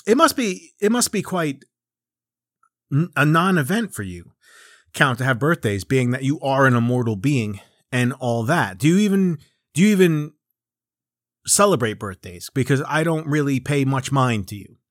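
A man's voice: mid-range voice, very animated, normal speed, fairly bright tone, no room sound, clean studio sound. A man in his forties hosting a comedic chat, rambling and profane and mocking himself. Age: 40s. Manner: rambling, profane, self-mocking, with lots of restarts and riffs.

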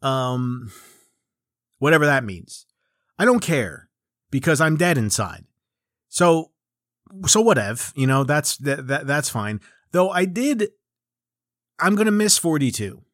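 A man's voice: fairly high pitch, lively intonation, takes it slowly, long pauses, fairly bright tone, no room sound, studio quality. A man in his forties hosting a comedic chat, rambling and profane and mocking himself. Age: 40s. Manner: rambling, profane, self-mocking, with lots of restarts and riffs.

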